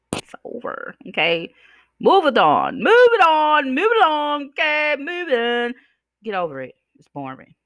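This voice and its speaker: A woman's voice: low voice, fairly bright tone, no echo. A woman hosting a podcast, ranting casually with a blunt, sassy, profane manner and a slight slur from chewing gum, speaking. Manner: blunt, sassy, profane, addresses listeners as "y'all" and "child". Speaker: podcast host.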